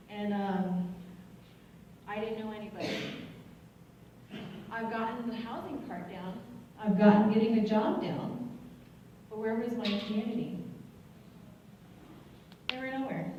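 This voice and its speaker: Woman, student veteran speaker, earnest heartfelt testimony; slightly high voice, roomy hall reverb, faint ambience. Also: mellow, lo-fi sound, a little hiss or hum. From Colorado. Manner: earnest, emotional, halting at times. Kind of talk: personal testimony speech. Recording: echoey hall, distant mic.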